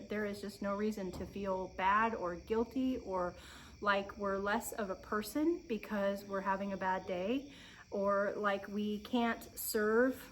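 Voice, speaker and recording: Sitting outdoors on her farm, a homestead vlogger from Oregon in her thirties has a heartfelt chat with her viewers, emotional and near tears yet earnest and encouraging. Her medium-pitched, slightly bright voice pauses and restarts often. The rough recording picks up faint crickets and insects.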